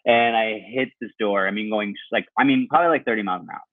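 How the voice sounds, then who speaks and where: Brief: man, podcast guest, animated rambling storyteller, tinny dry earbud line, voice sitting a bit low. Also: quick pace, no echo. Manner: animated, swears freely, many "like"s. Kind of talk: casual storytelling chat. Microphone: AirPods on a video call.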